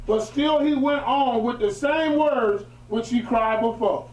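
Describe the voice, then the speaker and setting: A man with a very high voice reads an old historical account aloud to a small group and stops often for plain-spoken, emphatic preaching asides. He sounds distant from the mic, and his voice bounces around a roomy space. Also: a little slow. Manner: switches from formal reading to emphatic colloquial asides. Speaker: religious teacher. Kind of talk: reading a historical text aloud with preaching commentary. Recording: echoey room, distant mic.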